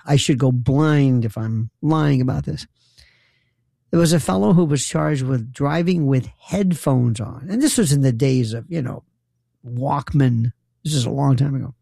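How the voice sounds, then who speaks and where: A man's voice: on the high side, expressive, moderate pace, vocal fry, mellow, husky, dry recording, clean studio sound. A middle-aged man hosting a talk show, telling a comedic story in a sarcastic, incredulous way that rambles and restarts.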